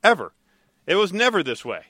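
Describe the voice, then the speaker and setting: A man hosting a talk radio show, chatting and teasing his co-host in a lively, animated way. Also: on the high side, fairly quick, dry recording, clean studio sound. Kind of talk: casual talk radio banter.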